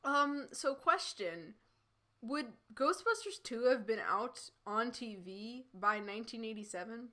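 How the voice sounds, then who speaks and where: A young woman on a stream reads fanfiction aloud in a bright, forceful voice that sits on the high side, unhurried and lively in intonation. She keeps breaking off into chatty, laughing asides in this casual reading and commentary.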